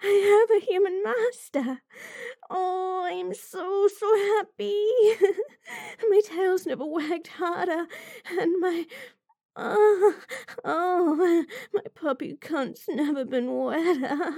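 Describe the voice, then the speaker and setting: Woman voicing a very high, whimpering puppy-girl. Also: slow pace, gravelly, darkish tone, no echo, studio quality, full character voice. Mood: overjoyed. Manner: whimpering, giggly, breathless. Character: eager young puppy-girl, fawning and submissive. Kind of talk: adult audio role-play.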